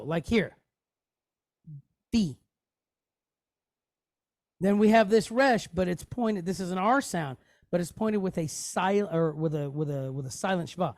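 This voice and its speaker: With a high voice recorded at studio quality and no echo, a man gives a relaxed Hebrew lesson, explaining things on screen. He keeps it conversational, checking in with listeners often through "okay?" and "you know."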